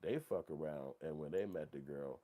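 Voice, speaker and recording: A man's voice: extremely low pitch, normal speed, dark tone. A man hosting a morning show, giving rambling, profane, emphatic casual commentary. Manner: rambling, emphatic, profane, repeats "you know what I'm saying".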